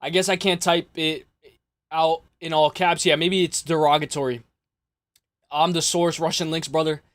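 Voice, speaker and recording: A man's voice: fairly high pitch, steady tone, moderate pace, fairly bright tone, no room sound, studio quality. A young man hosting a casual livestream, talking loosely with lots of swearing and exasperated, mocking asides to his chat. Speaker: livestream host.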